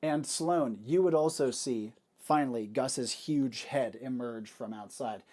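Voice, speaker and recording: A man's voice: medium pitch, unhurried, a little mellow. A man narrating a tabletop game as game master, describing the scene with frequent fillers.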